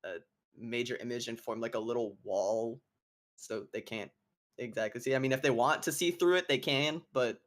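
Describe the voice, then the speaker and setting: A man plays in a tabletop game, joking around and stammering now and then. His voice sits at a middle pitch. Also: normal speed, fairly bright tone. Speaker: player. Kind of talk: casual tabletop game play.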